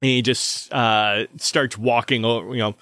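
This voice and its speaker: A man's voice: mid-range voice, fairly even intonation, unhurried, pushed and bright, no room sound, studio quality. Hesitant man narrating a tabletop game. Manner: hesitant, many fillers. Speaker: game master.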